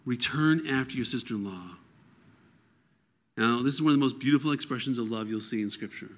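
Male Bible teacher, mid pitch, alternates reading verses aloud with casual explanation. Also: brisk. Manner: reads scripture aloud, then explains it conversationally.

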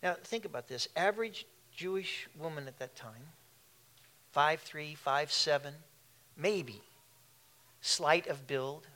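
A man's voice: a little high, slow pace, long pauses, sharp tone. A man preaching a sermon in a conversational way, with asides and questions to the congregation. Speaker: pastor.

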